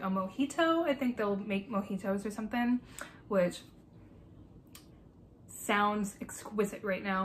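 A young woman hosting a casual reaction video, excitable and gushing, swearing freely and breaking into squeals. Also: fairly high pitch. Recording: echoey room with faint noise.

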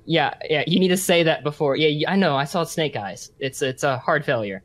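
A man's voice: fairly high pitch, brisk, fairly bright tone. A man narrating a tabletop role-playing game as game master, switching between narration and character voices.

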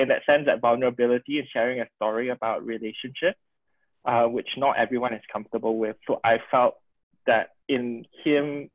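A man, a participant on a video call, answers thoughtfully and hesitantly with many pauses and fillers. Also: medium pitch, no room sound. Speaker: workshop participant. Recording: dry, tinny phone-like call audio.

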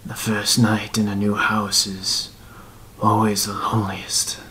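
A man voicing a frail, blind old man in his seventies who is a killer, speaking slowly and pleadingly. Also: lowish voice, completely flat delivery, bright, forceful tone, a little hiss or hum. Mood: calm. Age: 70s.

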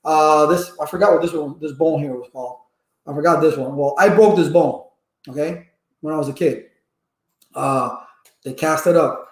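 A man talking casually to viewers as a networking instructor, a lively storyteller full of personal anecdotes. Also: on the high side, normal speed. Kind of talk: casual rambling talk to viewers. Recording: echoey room.

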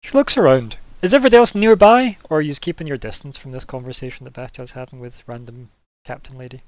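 A man's voice: mid-range voice, fast, no echo. A man narrating a tabletop game as game master, loose and rambling with many fillers.

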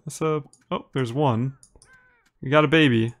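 A man with an Upper Midwest American accent streams a game live, talking casually with his viewers. His voice sits at an ordinary middle pitch, and his delivery is easygoing and chatty, with light laughs as he reads and answers chat messages. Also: unhurried. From Minnesota, United States. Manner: relaxed and chatty, laughs easily, talks to viewers by name. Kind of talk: live gameplay commentary, reading chat aloud.

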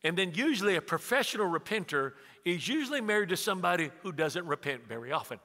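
A man's voice: high voice, sing-song, fast, sharp tone. A man in his sixties preaching a sermon as a pastor, telling humorous family stories and acting out conversations. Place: church sanctuary. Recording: long hall reverb.

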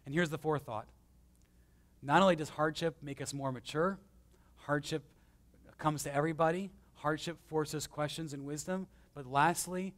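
A man preaching a conversational sermon as pastor, swinging between emphatic and hushed, with self-deprecating stories. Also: a little high. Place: church.

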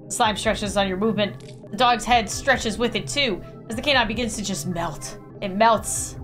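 A young adult woman, a gaming YouTuber, reading game text aloud with an animated, dramatic delivery. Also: mid-range voice, normal speed, music in the background.

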